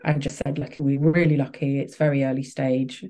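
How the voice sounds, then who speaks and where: A woman's voice: rumbling low, flat delivery, moderate pace, mellow. A woman, a podcast guest, telling a personal story candidly, with frequent restarts and fillers. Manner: open, emotional, many restarts and fillers.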